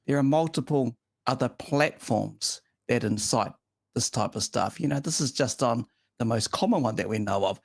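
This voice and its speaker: A man's voice: medium pitch, normal speed, vocal fry, no room sound. A man hosts a casual racing talk show in an ordinary middle register. He talks with emphasis and strong opinions, stringing long runs together. The sound is dry, with no room behind it. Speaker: show host. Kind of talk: casual podcast chat.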